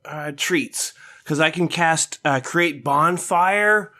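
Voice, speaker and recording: A player in a tabletop game, speaking in a halting way. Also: mid-range voice, bright, forceful tone.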